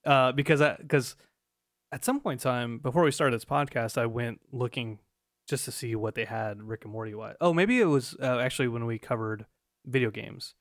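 A man's voice: mid-range voice, normal speed, no echo, clean studio sound. A man in his thirties co-hosting a podcast, playful and laughing often, with many restarts as he explains. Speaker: podcast co-host. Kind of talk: casual podcast chat.

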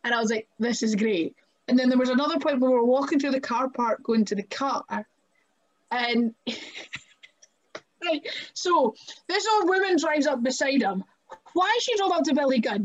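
A young woman chats on a podcast with a slightly high voice. She tells her wrestling stories loosely, leaning on "like" and laughing as she goes. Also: animated, moderate pace, muffled recording. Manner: chatty, many "like" fillers, laughs often. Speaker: guest professional wrestler. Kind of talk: casual podcast storytelling.

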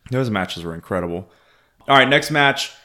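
A man's voice: mid-range voice, lively intonation, normal speed, pushed and bright. A man co-hosting a wrestling podcast, talking casually and opinionated, swearing now and then. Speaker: podcast co-host.

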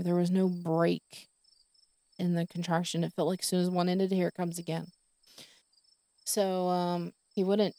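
A woman's voice: lowish voice, dark tone, no room sound. A middle-aged woman telling a personal story on a podcast, rambling with many fillers and restarts. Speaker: podcast host.

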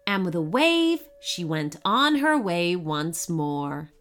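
Unhurried, expressive woman reading a storybook. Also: on the low side. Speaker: narrator.

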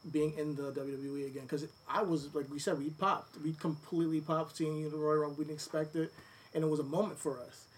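A man hosting a podcast asks rambling, friendly questions with plenty of fillers. His voice sits a bit higher than most men's. He sounds somewhat away from the mic, with faint noise behind him. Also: distant mic. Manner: loose, chatty questioning with fillers. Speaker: podcast host. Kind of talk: casual interview questions.

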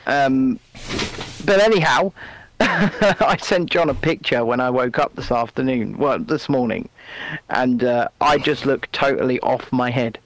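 A man's voice: mid-range voice, a little slow, poor audio. A man co-hosting a casual live stream from a remote video call, chatty and jokey, with frequent restarts. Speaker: co-host.

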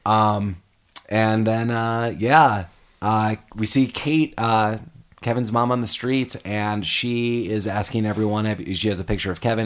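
A man's voice: lowish voice, unhurried. A man hosting a podcast, casually recapping a movie scene by scene and acting out the characters' lines as he goes. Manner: animated retelling, acts out characters' lines. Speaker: podcast host.

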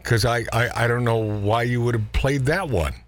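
A man's voice: medium pitch, moderate pace, no echo. A man hosting a talk radio show, joking and sarcastic as he chats with his crew.

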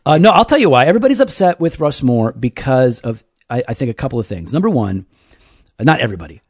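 Animated man chatting on a podcast. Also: medium pitch, quick pace, no echo, clean studio sound. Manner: chatty, animated, mimics people in quoted asides. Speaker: podcast co-host. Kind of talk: casual podcast chat.

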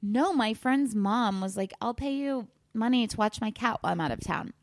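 A woman's voice: fairly high pitch, animated, moderate pace, no room sound, studio quality. A woman guest on a podcast, telling stories animatedly, acting out quotes and swearing casually.

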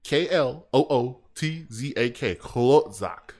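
A man's voice: mid-range voice, slow. A man co-hosting a podcast in casual chat, slangy and laughing often. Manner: animated, laughs a lot, slangy. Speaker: podcast co-host.

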